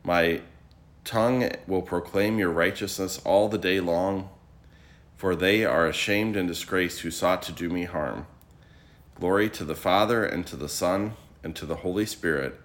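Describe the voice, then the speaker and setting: A man reading morning prayer scripture aloud as a liturgy reader, in a measured, steady recitation. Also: deep voice.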